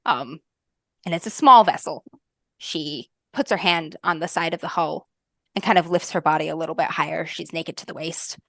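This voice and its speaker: A woman game master narrating a fantasy tabletop game in a soft, lyrical way, with frequent ums. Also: low-pitched, moderate pace, gravelly, no room sound, studio quality.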